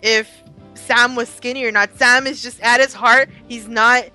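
A young woman co-hosting a podcast, chatting casually about a TV episode, swearing freely and throwing in quick asides. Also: on the high side, steady tone, pushed and bright, faint music behind, poor audio. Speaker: podcast co-host. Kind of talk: casual chat.

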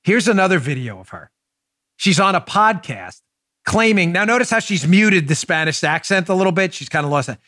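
A male podcast host with a high, bright voice delivers opinionated political talk, arguing emphatically and telling animated stories with laughs. He speaks fairly quickly, and the recording is dry and close with no room sound.

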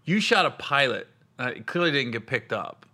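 Bright laughing male podcast host. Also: mid-range voice, moderate pace. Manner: laughing, animated retelling with quoted voices. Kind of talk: casual podcast chat.

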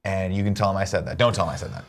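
A man hosting a casual morning show, joking and swearing with quick asides. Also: low-pitched, fairly even intonation. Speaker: show host. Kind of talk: casual podcast chat.

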